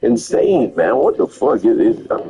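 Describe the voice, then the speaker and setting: A man's voice: mid-range voice, very animated, normal speed, dark tone, poor audio. A young man in casual chat, reacting to a friend's story and commenting in blunt slang.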